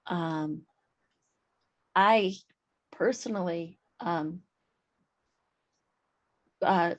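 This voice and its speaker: A woman speaking in character at a tabletop game, slow and halting with many ums. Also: fairly low pitch, lo-fi sound. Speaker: player.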